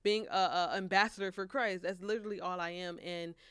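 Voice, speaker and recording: A woman's voice: lowish voice, fairly even intonation, fairly quick, a bit bright, smooth, no echo, studio quality. A woman of twenty-one, a college senior and author, speaking earnestly and reflectively in a casual interview. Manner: earnest, reflective, with frequent restarts and laughs. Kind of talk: casual faith-centered interview.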